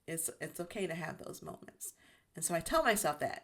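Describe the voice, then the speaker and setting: Low-voiced woman sharing gentle reflections. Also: expressive, fairly quick. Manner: gentle, self-reassuring, many restarts. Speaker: YouTube channel host. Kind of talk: reflective personal monologue.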